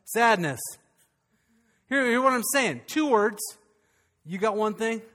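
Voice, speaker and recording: A man preaching a sermon as pastor, animated and calling out questions to his congregation. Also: high voice, slow, in a large hall.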